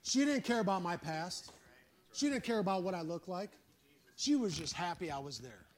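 A man's voice: high-pitched, animated, normal speed. A male pastor preaching a sermon, fervent and emphatic, calling out for an "Amen" and telling folksy, plain-spoken stories.

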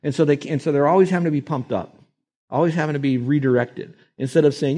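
A man preaching a sermon as a pastor, in a lively, animated way that acts out the people he quotes. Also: fairly high pitch, fast.

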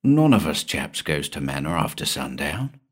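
A man voicing a timid, stubborn country villager who mutters in a low voice. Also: moderate pace, husky, exaggerated voice. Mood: sullen. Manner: low, flat, stubborn repetition.

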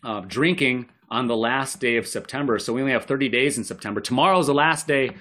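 A man's voice: medium pitch, fast talker, a bit bright. A man speaking as a podcast guest, giving casual, rambling advice and often correcting himself with a joking tone. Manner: rambling, self-correcting, jokey.

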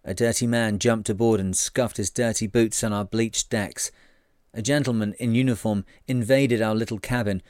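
A male narrator reading a sailing memoir aloud in a measured storytelling manner. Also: lowish voice, darkish tone, no room sound, clean studio sound.

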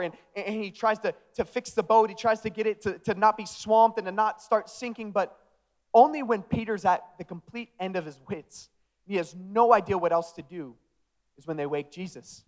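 A man's voice: high-pitched, moderate pace. A young man preaching a sermon with energy, acting out the disciples in casual modern speech. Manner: energetic, acts out the disciples' dialogue. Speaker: pastor.

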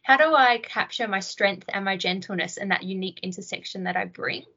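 A woman's voice: medium pitch, brisk, pushed and bright, dull audio. A woman, a podcast guest, reflectively telling stories from her military service. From Australia. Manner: reflective storytelling. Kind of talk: podcast interview.

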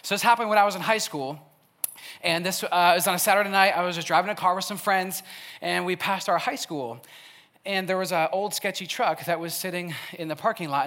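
With a high-pitched, slightly bright voice, a young Wisconsin man gives a storytelling sermon to a live audience as a youth speaker. He's chatty and relaxed, laughs often, and fills his speech with "like."

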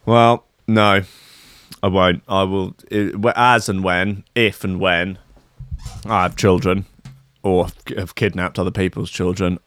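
A man's voice: low-pitched, clear, resonant tone, no room sound, studio quality. A man giving sarcastic, mocking commentary on news stories. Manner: deadpan, mocking rant.

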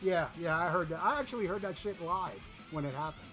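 A man with a high, bright voice talks casually on a podcast. He rants and mocks with plenty of profanity. Faint music plays under him. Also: lively intonation, fairly quick. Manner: profane, ranting, mocking. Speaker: podcast co-host reviewing an album. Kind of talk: casual chat.

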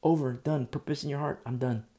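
A man preaching an earnest, animated sermon, speaking through a sore throat. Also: medium pitch, fairly quick. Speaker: pastor.

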